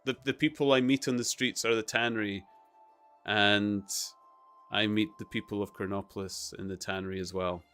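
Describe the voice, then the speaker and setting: A man's voice: fairly low pitch, fairly even intonation, normal speed, fairly bright tone, clear, resonant tone, faint music behind. A man chatting casually on a live stream, playful and rambling as he talks with viewers.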